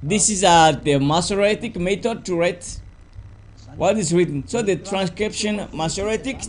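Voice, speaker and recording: A man preaching a teaching sermon in halting English, full of fillers and repeated words. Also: high voice.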